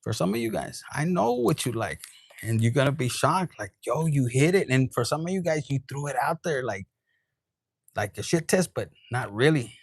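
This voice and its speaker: Reading tarot directly to camera, a man keeps things loose and lively, cursing often and dropping into character voices and some Spanish. His medium-pitched, creaky voice moves at a normal speed. The recording is dry, studio-quality sound with no echo.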